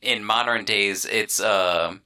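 A man's voice: on the low side, takes it slowly, pushed and bright. A young man co-hosting a casual podcast, teasing the others and laughing often. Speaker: podcast co-host.

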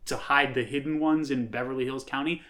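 A man's voice: mid-range voice, steady tone, brisk, a bit bright. Casual upstate New York podcast man. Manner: conversational, emphatic, many fillers. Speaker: podcast co-host.

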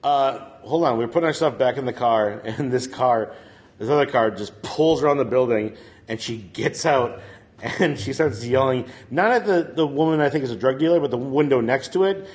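A man's voice: mid-range voice, normal speed. A man telling a long story in casual chat, rambling with lots of fillers and laughing as he goes.

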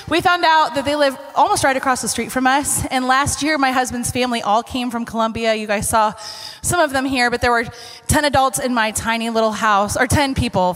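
A woman's voice: high voice, a bit bright. A woman giving heartfelt thanks to friends, rambling and giggly as she speaks. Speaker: church member giving thanks. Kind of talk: casual heartfelt speech. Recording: long hall reverb.

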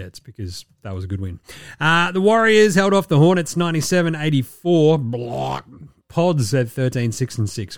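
A man's voice: mid-range voice, dry recording. Male podcast host, casual sports chat, irreverent and sweary, mid-range voice, dry close mic. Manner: loose, sweary and joking.

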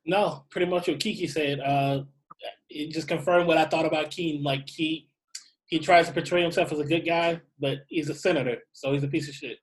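A man's voice: fairly high pitch, steady tone, normal speed, low-quality recording. A man on a podcast in casual chat, giving short, blunt opinions.

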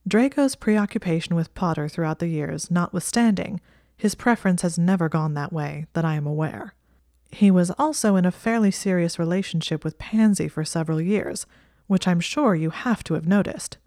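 A woman's voice: on the low side, normal speed, a little mellow, dry recording, studio quality, close to an everyday voice. A woman voicing an exasperated young male wizard with a wry, sardonic manner.

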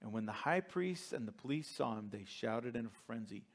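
A man preaching a sermon as pastor, reading scripture dramatically and moving between hushed and emphatic delivery. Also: medium pitch, expressive, normal speed.

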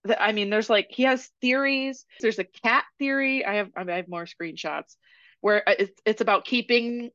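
A woman's voice: on the high side, moderate pace, a bit bright, dry recording. A woman hosting a podcast in casual chat, laughing often as she reads passages aloud. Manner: giggly, reads excerpts aloud with frequent laughs. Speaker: podcast host. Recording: dry, dull lo-fi sound.

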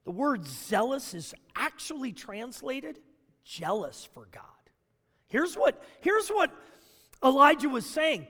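A man preaching a sermon as pastor, dramatic, swinging between loud bursts and hushed asides. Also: extremely high pitch, sing-song, slow. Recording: long reverb of a large hall.

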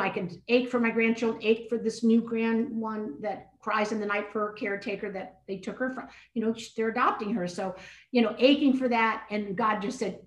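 An older woman, a podcast guest, telling a personal story in an animated way and acting out her own inner dialogue. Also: on the high side. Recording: echoey room.

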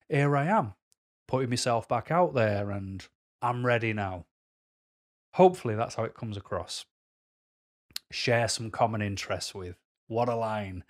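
A man giving dating advice to camera in a casual vlog, jokey and self-deprecating. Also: mid-range voice.

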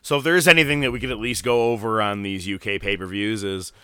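A man's voice: fairly low pitch, fast, clear, resonant tone. A man co-hosting a podcast, trading jokey, profane commentary on wrestling. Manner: animated, jokey commentary with swearing. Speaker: podcast co-host. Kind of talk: casual wrestling banter.

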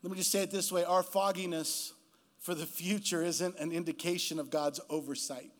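A man's voice: a little high, normal speed. A man in his fifties, a guest pastor preaching a sermon in a church, telling stories and acting out the people he quotes. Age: 50s. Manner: animated storytelling preacher who acts out quoted voices.

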